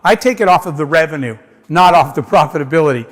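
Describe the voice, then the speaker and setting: A man's voice: fairly high pitch, quick pace. A man giving a keynote speech to a conference audience, telling a personal story and acting out the dialogue. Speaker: keynote speaker. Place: large conference hall. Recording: long hall reverb.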